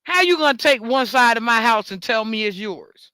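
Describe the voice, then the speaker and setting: A woman rants straight into the mic in a high, bright voice. She swears freely and repeats words for emphasis, and the dry recording has no room sound. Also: animated, moderate pace, dry recording. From New York. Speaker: talk show host. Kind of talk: ranting monologue.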